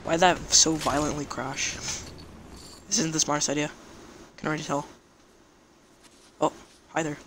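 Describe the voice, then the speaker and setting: A man giving live gameplay commentary, talking to himself and reacting loudly with frequent swearing when things go wrong. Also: a little high, normal speed, pauses often. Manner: excitable, swears freely when surprised. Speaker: gaming YouTuber. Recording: steady background noise under the voice.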